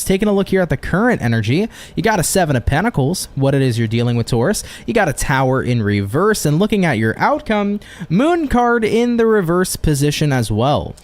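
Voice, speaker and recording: Lively, upbeat male tarot reader. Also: on the high side, brisk. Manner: chatty and upbeat, with casual slang and swearing. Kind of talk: casual live-stream tarot reading.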